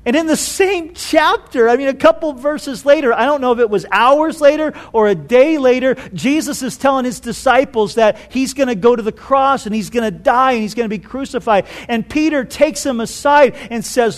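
A man preaching a sermon, telling stories with animated delivery and rhetorical questions. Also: very high-pitched, fairly quick, hardly any pauses. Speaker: pastor.

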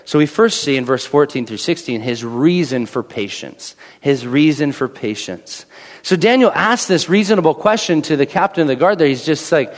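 A man's voice: fairly high pitch, moderate pace. A man in his thirties preaching a sermon in a church, talking conversationally, repeating phrases and acting out quoted voices. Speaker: pastor. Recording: long hall reverb.

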